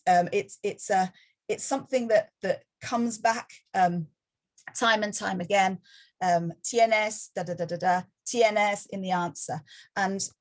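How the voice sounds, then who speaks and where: A woman presents a talk on teaching languages in schools, walking her audience through one classroom activity after another. Her voice sits a little low, and she often restarts phrases and pauses with small hesitations as she explains. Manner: explanatory, frequent restarts and ums.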